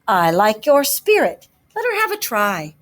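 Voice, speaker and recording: A woman voicing a polite, kindly gentleman motorist in a storybook reading. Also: on the high side, wildly swooping pitch, measured pace. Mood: approving. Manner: genteel, concerned, polite.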